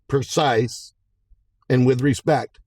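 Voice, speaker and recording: A man's voice: mid-range voice, fairly even intonation, takes it slowly, a little mellow, slight background noise, voice pushed up, close to an everyday voice. A man telling a story while putting on the voice of a stern, no-nonsense woman judge who scolds firmly and emphatically. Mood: stern scolding.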